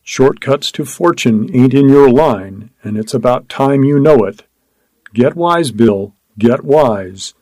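A man voicing a lone gold prospector who talks to himself in slow, coaxing tones, weary and dogged. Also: medium pitch, lively intonation, a little mellow, no room sound. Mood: crooning. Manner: slow, coaxing self-talk.

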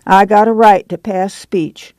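A reader voicing a fierce, bitter poor woman who speaks hoarsely and indignantly in a rural drawl. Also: medium pitch, fairly even intonation, unhurried, darkish tone, dry recording, voice pushed up, natural voice.

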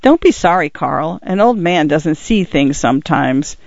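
A man voicing a proud old pioneer grandfather who speaks gently and tiredly, in a storybook reading. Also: fairly high pitch, lively intonation, unhurried, vocal fry, no echo, muffled recording. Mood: gentle.

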